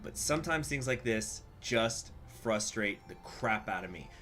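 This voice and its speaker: A man's voice: lowish voice, expressive, a little slow, over music. A man casually commenting on a strategy game as he plays, reading events aloud with laughing asides. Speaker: game streamer.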